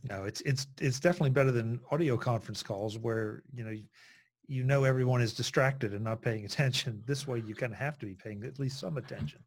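A man talks in an easygoing way as a guest on a video-call panel. His voice sits at a middle pitch. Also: brisk. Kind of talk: casual chat over video call.

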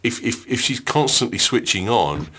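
A man's voice: medium pitch, lively intonation, normal speed, sharp tone, breathy edge. A man casually chatting as a podcast co-host, telling family anecdotes and laughing at them. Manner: anecdotal storyteller, laughs at his own stories. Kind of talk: casual chat.

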